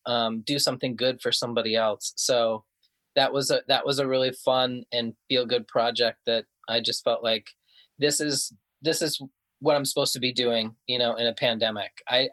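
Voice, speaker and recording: Relaxed man guest, mid-pitched voice. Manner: relaxed, earnest, swears casually. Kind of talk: casual interview chat.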